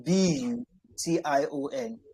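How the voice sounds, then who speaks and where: A man tutoring over a video call, patient and encouraging, breaking words into syllables slowly. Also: mid-range voice, mellow, a little hiss or hum, low-quality recording. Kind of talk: online spelling and pronunciation lesson.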